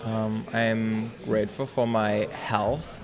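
A man's voice: on the low side, level tone, slow pace, crowd noise. A young man from East Germany, a guest answering casual interview questions hesitantly. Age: young adult. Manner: hesitant, many fillers.

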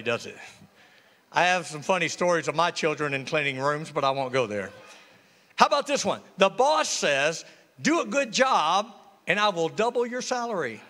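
A male pastor preaches a sermon in a church sanctuary, mixing humor with call-and-response. His fairly high voice sounds pushed and bright, and the recording carries the reverb of the church hall.

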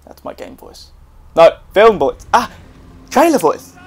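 A young man giving casual let's play commentary, excitable and jokey, talking to himself and swearing now and then. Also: high-pitched, unhurried, slight background noise. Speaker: gameplay commentator.

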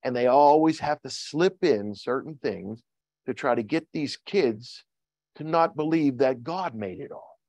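An older man preaching a sermon as pastor, reading scripture slowly with rising emphasis, then talking plainly to his church. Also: mid-range voice, a little mellow, dry recording. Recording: dull lo-fi sound.

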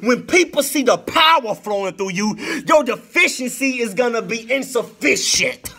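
A man preaching an impassioned sermon, with a sing-song cadence that rises into shouts. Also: very high voice, animated, normal speed.

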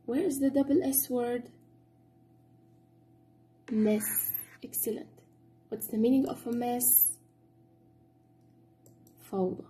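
Slow, dark-voiced woman teacher. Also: on the high side. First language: Arabic. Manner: slow, clear drilling with repeated words and praise. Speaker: English teacher. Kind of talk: classroom lesson for children.

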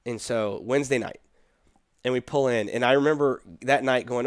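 A man's voice: mid-range voice, steady tone, normal speed, clear, resonant tone, no echo, studio quality. A young man, a pastor, telling a personal story in casual conversation, acting out the dialogue and laughing often.

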